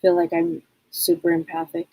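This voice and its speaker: A woman co-hosting a live psychic show, upbeat and agreeable, quick to chime in. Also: fairly low pitch, little pitch movement, warm tone, slightly rough, rough recording. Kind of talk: casual chat.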